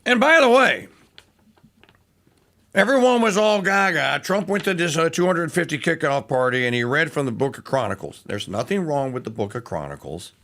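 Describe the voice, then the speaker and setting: A man's voice: on the high side, sing-song, moderate pace, fairly bright tone. A man hosting a talk radio show, delivering a sarcastic, rambling monologue full of restarts and fillers.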